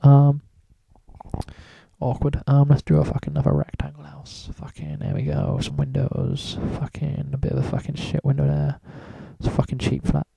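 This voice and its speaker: A man's voice: fairly high pitch, monotone, normal speed, vocal fry, dark tone, breathy edge, no room sound. A man talking casually through a drawing tutorial, rambling and swearing in almost every sentence. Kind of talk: casual screen-recorded tutorial.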